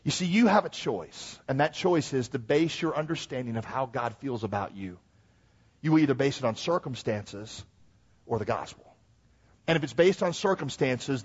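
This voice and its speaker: A man preaching a sermon, swinging from hushed, slowed phrases to loud, rising peaks, with joking asides to the congregation. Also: mid-range voice, slightly rough, dull audio.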